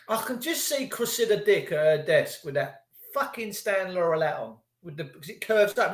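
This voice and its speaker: A man rants furiously into his livestream, cursing freely and mocking people in put-on voices. His tone is bright and cutting. The room around him sounds echoey. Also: sits high. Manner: swearing, mocking, acts out voices. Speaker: livestream ranter. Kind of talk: angry livestream rant.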